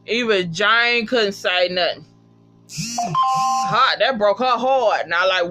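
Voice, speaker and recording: A vlogger casually recapping a TV episode, profane and animated, acting out the characters' lines. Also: medium pitch, takes it slowly, pauses often, loud music behind the voice. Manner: profane, animated, acts out quotes. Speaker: TV episode reviewer.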